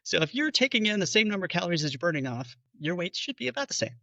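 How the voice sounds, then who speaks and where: Bright-voiced doctor explaining to patients. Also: male voice, high voice, sing-song, racing, vocal fry, dry recording, lo-fi sound. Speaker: bariatric physician. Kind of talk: podcast interview explanation.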